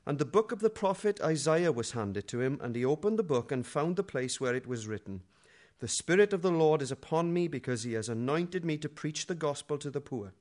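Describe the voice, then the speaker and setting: A man preaching a chatty sermon with quiet asides and loud bursts. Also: a little high, expressive, brisk, few pauses. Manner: conversational and humorous, swings from quiet asides to loud dramatic readings.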